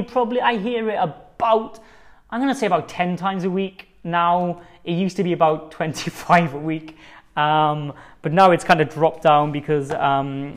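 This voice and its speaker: Rambling, um-filled casual male talker. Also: high-pitched. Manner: rambling, filler-heavy, conversational. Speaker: podcast host. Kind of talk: casual solo monologue. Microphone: own microphone.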